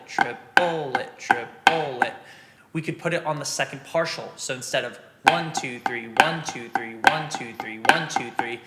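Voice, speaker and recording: A man giving a casual drum lesson, explaining rudiments step by step and counting beats aloud. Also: medium pitch. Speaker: drum teacher. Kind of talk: casual instructional talk. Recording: loud drum and click noise behind. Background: snare drumming and metronome clicks.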